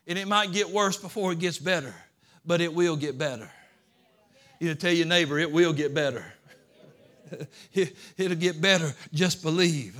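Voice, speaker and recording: A pastor preaching a sermon to his church in a folksy, plainspoken way, rising into loud pleading cries and shouts. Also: a little high, moderate pace, pauses often. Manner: folksy Southern-style grammar like ain't and gonna. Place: church sanctuary.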